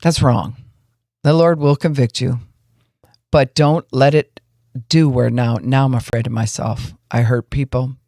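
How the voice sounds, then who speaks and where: Woman pastor-host, casual folksy teaching, lively, acts out examples; close, dry podcast mic. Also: extremely low pitch, measured pace, no echo. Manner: folksy, animated, acts out what she describes.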